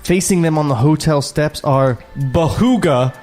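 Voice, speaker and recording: A man co-hosting a comedy podcast, reading a screenplay aloud with sarcastic, deadpan asides. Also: a little high, a little slow, soft background music. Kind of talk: comedic table read with commentary.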